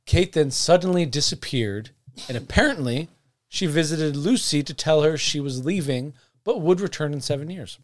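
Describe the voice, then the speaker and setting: A man's voice: a little high, animated, normal speed. A man co-hosting a podcast, telling a folklore story in a joking, profane, playful way. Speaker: podcast co-host. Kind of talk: casual comedic chat.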